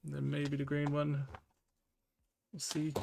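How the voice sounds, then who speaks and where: An Australian man livestreaming, chatting casually with viewers and slowly reading old scripture aloud. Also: a little high, monotone, gravelly, warm tone, slight background noise. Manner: laid-back, chatty, reads old scripture slowly and carefully.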